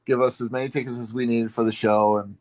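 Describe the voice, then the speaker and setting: A man with a middling voice tells a long story in a relaxed way. The sound is dry and close, and he fills pauses with "um" and "uh". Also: mid-range voice, no echo, poor audio. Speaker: longtime fan, group member. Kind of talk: casual video chat storytelling.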